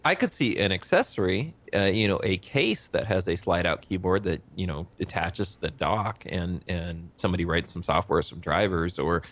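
A man with a very deep voice co-hosts a casual tech podcast. He rambles along, stammering and filling gaps with fillers. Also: expressive, normal speed, hardly any pauses, a bit bright.

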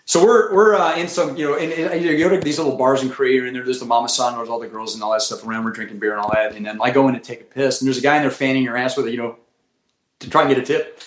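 A man telling profane, animated war stories as a former military pilot, acting out what people said. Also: mid-range voice, rapid-fire. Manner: profane, animated, acts out quotes. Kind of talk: casual storytelling chat. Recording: echoey room with faint noise.

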